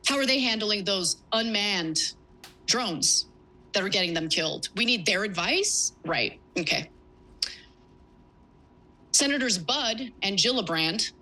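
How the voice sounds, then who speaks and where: A woman's voice: mid-range voice, sharp tone, low-quality recording. A woman hosting a news commentary, reading report excerpts aloud with emphatic, sarcastic asides. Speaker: political commentator.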